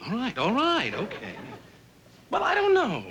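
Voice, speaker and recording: A man's voice: very high-pitched, wildly swooping pitch, measured pace, pushed and bright, heavily acted. A man playing a flustered young man who hides a secret, wisecracking and stammering nervously. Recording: hiss of old TV soundtrack.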